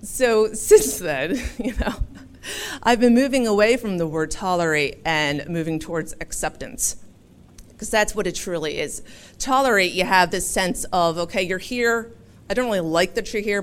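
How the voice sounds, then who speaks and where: A woman from Philadelphia giving a chatty, humorous public speech as a talk show host. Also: lowish voice. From Philadelphia, USA.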